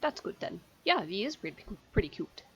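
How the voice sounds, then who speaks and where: A woman's voice: medium pitch, very animated, a little fast, fairly bright tone. A woman playing a tabletop game, speaking in a hesitant, thoughtful way. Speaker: player. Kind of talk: casual tabletop play.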